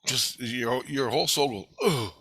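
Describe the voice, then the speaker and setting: A man's voice: lowish voice, normal speed, sharp tone, slightly rough, no room sound, low-quality recording. A middle-aged man telling a rambling, profane, agitated monologue to camera. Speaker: vlogger.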